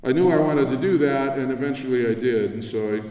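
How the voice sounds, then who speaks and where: A man's voice: medium pitch, fairly quick, crowd noise. An older man from New Jersey giving an award acceptance speech at a convention, reminiscing in a conversational way with asides. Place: large convention hall. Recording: echoey hall from far off.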